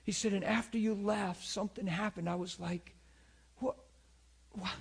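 A middle-aged male pastor telling a story in a sermon, dropping to a hush for emphasis and bursting into exclamations. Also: sits high, measured pace, vocal fry, slightly rough.

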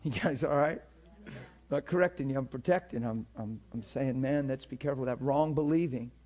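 A man's voice: medium pitch, fairly quick, darkish tone. A man teaching a class in a sermon style, conversational and often checking in with his listeners, repeating words as he builds a point.

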